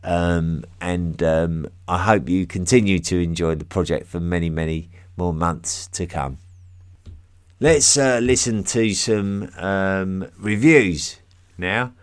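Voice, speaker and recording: A man's voice: low-pitched, slow, smooth, no room sound, clean studio sound. An English man hosting a history podcast, chatting casually through listener mail with plenty of ums, restarts and self-deprecating asides.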